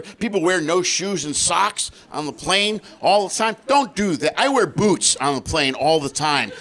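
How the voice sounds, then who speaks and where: High-pitched gravelly stand-up comic. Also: male voice. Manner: high-energy, acts out voices and shouts punchlines. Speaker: stand-up comedian. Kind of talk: stand-up comedy set. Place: comedy stage before a laughing audience.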